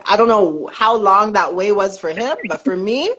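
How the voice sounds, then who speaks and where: Speaking at a medium pitch and a brisk clip with few pauses, this young Canadian dancer and fitness business owner guests on a podcast, where the audio sounds dull. Chatty and quick to laugh, she tells her stories with lots of animation.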